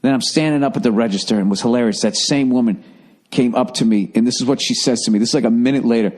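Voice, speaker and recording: A man in his fifties with a Boston accent tells a comedic story on his podcast. He talks in a casual, profane, animated way and swears constantly. His voice sits in an ordinary middle pitch. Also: quick pace. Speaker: podcast host.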